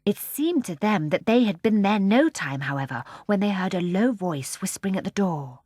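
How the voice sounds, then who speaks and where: Soft-spoken woman reading a storybook. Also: mid-range voice, sing-song, normal speed, few pauses, dry recording, clean studio sound. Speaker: audiobook narrator. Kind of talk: scripted storybook narration.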